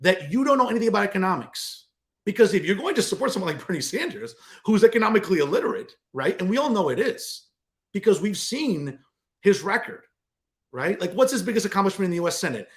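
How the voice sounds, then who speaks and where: Sarcastic, combative political commentary host. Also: male voice, high-pitched, sing-song, quick pace. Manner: combative, sarcastic, addresses viewers as "folks".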